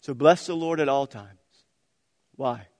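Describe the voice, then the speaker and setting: A man preaching a sermon as pastor, moving between quiet prayerful reading and loud calls for the congregation to answer back. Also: medium pitch, a little slow, clean studio sound. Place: church sanctuary. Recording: long reverb of a large hall.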